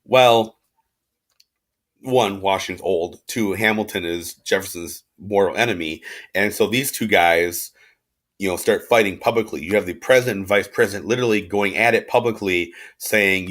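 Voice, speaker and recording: A man's voice: on the low side, normal speed, fairly bright tone. A man giving an informal history lecture as a teacher, talking casually with lots of fillers and asides.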